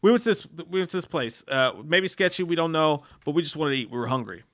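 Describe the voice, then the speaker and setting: High-voiced man telling stories with animation. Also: fast, no room sound. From United States. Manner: animated storyteller, swears often, reads viewer comments aloud. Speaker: podcast co-host reading chat. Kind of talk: casual live-stream chat.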